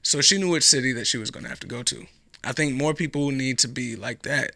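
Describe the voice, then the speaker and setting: A man's voice: mid-range voice, quick pace, bright, forceful tone, no room sound, clean studio sound. A man hosting a podcast alone, talking in a rambling, sarcastic and profane way. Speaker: podcast host. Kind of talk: casual solo commentary.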